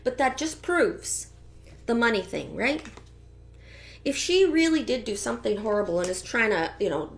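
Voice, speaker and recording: Chatty woman doing a tarot reading. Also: a little high. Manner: chatty, gossipy, animated asides. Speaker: tarot reader. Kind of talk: casual tarot reading commentary.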